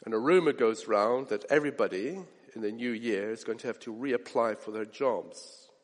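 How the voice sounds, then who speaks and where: A man preaching a sermon in an animated way, acting out the voices of people he quotes. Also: medium pitch, normal speed. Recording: long hall reverb.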